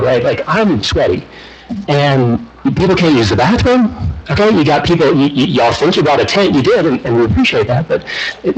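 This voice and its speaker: A man speaking during public comment at a county meeting. He is out of breath and talks in an earnest, halting way, with many fillers and restarts. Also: medium pitch, husky, poor audio. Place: county commission meeting room.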